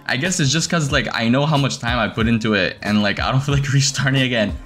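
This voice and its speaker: A young man giving casual commentary over his game, excitable and swearing, breaking into shrieks when he finds something. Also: medium pitch, quick pace, soft background music. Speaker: gaming streamer.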